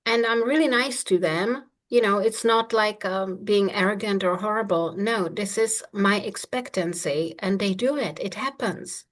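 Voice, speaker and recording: With a mid-range voice, a woman coaching manifestation speaks a little slowly and with few pauses. She's confident and lighthearted in the casual chat, often laughing.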